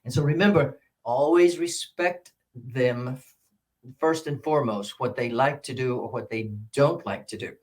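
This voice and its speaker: A man giving a workshop on teaching English pronunciation, repeating words slowly and counting syllables aloud. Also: mid-range voice, a little mellow. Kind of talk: teacher-training workshop talk. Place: presentation room with a mic.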